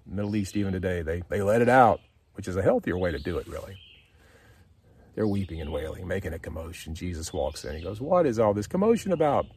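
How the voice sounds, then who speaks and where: A man's voice: sits low, a little fast, darkish tone, slightly rough. An American man giving a casual devotional talk on his podcast, earnest and encouraging, reading scripture and explaining it in his own words. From United States. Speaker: podcast host, devotional speaker.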